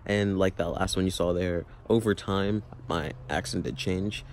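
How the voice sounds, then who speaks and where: A man's voice: low voice, fairly even intonation, measured pace, a little hiss or hum. A young man in a casual vlog, rambling and joking as he tries out put-on accents. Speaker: YouTuber.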